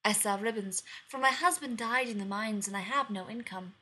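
A desperate young queen, voiced by a woman reading a story aloud, pleading and urgent. The voice is bright and a little husky, pushed slightly louder than the narration. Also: mid-range voice, normal speed.

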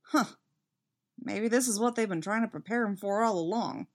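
A woman reading a fan story aloud with lively, expressive narration. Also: mid-range voice, normal speed. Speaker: fanfiction reader.

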